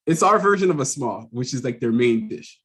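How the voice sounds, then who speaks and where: A man co-hosting a casual podcast conversation. He tells stories with lots of energy and laughs often as he goes. He drops into quick impressions of the people in his stories. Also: medium pitch, husky. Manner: animated storyteller who acts out quoted voices; laughs often mid-sentence. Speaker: podcast host. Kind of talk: casual chat.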